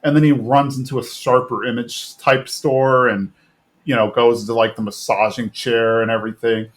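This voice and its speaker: A man's voice: medium pitch, little pitch movement, moderate pace. A man hosting a podcast, casually recapping a cartoon episode in a rambling way with many fillers and restarts. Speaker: podcast host.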